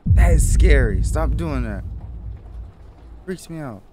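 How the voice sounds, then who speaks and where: A man's voice: on the high side, expressive, slow, background noise. A man commenting nervously while playing a horror game, reacting with jumpy outbursts over the game's music. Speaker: gaming YouTuber. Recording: loud game music behind.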